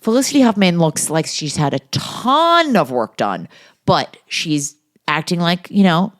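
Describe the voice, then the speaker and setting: Here a middle-aged female podcast co-host talks in a lowish voice at a slightly slow pace. She spins profane, gossipy tales with lively animation during relaxed conversation.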